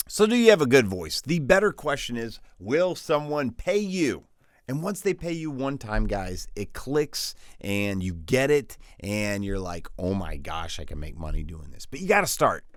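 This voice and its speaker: A man's voice: medium pitch, no room sound, studio quality. A male voiceover coach giving a casual online tutorial, upbeat and slangy, joking as he talks straight to the viewer.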